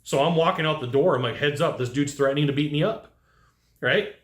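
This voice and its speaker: A man giving casual advice to HVAC technicians, telling lively work stories and acting out what people said. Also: a little high, fairly quick, echoey room. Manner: animated storyteller who acts out quotes. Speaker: HVAC sales trainer.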